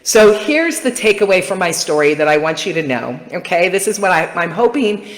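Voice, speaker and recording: A middle-aged woman telling a personal story to her viewers in a chatty, animated way. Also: fairly low pitch, moderate pace. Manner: chatty, animated, addresses audience as "you guys". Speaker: vlogger and coach. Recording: echoey room with long reverb.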